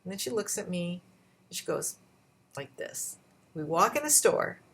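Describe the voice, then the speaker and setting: A woman vlogger telling a personal story in a casual, animated way, her voice jumping up when she acts out what people said. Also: moderate pace. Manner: animated retelling with shifting pitch and pace.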